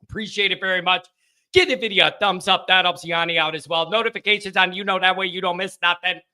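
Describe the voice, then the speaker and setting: A man's voice: high voice, fairly even intonation, fast, sharp tone, clean tone. A man hosting a live sports call-in stream, chatting casually from a home studio, rambling and joking with his chat viewers.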